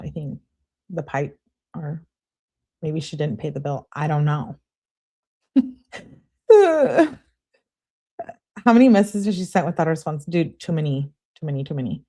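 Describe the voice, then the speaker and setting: A woman hosts a live stream, commenting casually in a fairly low voice. She keeps up mocking, sarcastic asides throughout. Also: brisk, darkish tone. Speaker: livestream host.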